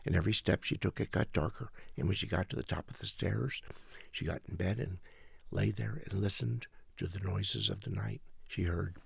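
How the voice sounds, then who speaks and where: A man telling a children's story in a dramatic way, often hushed. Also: low-pitched, lively intonation, moderate pace, gravelly, husky, dry recording. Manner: dramatic, hushed then rising.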